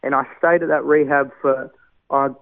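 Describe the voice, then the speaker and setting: A man's voice: mid-range voice, steady tone, normal speed, creaky, no echo. A man, telling his personal testimony in an earnest, heartfelt way with many fillers. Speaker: guest sharing testimony. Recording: tinny phone-like radio sound.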